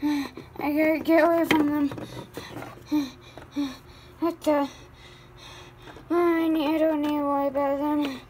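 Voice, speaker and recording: A woman improvising voices for a homemade movie, halting and stammering with many fillers and sighs. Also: high-pitched, level tone, darkish tone, slight background noise. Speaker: voice actor for a homemade life-sim movie. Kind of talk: improvised amateur voice acting.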